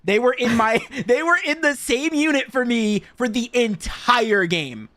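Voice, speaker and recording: Blunt woman with a lively voice. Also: on the high side, measured pace. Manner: blunt, reacts with short remarks and swearing. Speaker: podcast co-host. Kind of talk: casual game review chat.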